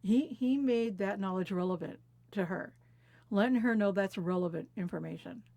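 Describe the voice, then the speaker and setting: Woman in her 50s from california, mellow warm voice, dry close sound, unhurried storytelling. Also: mid-range voice, gravelly, no echo. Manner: reflective, unhurried, laughs softly between memories. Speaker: interviewee. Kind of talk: personal storytelling conversation. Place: quiet recording booth.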